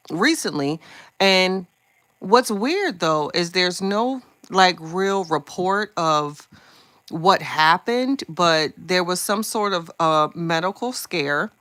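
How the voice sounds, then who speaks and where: Low-voiced chatty gossip host, bright tone. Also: female voice, dry recording. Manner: chatty, candid, gets heated and swears. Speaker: live stream host. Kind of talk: casual gossip chat to live viewers.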